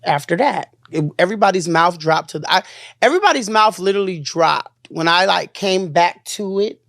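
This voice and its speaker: An emotional woman recounting a painful experience in an interview, circling back and repeating herself. Her voice sits a little low, and the sound is dry and close with no room echo. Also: animated, moderate pace, creaky, fairly bright tone. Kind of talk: interview recounting a personal ordeal.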